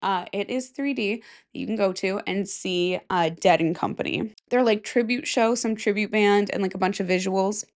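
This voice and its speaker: A woman's voice: mid-range voice, moderate pace. A young adult woman hosting a podcast, telling rambling stories in a chatty, giggly way. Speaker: podcast host. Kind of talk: casual chat.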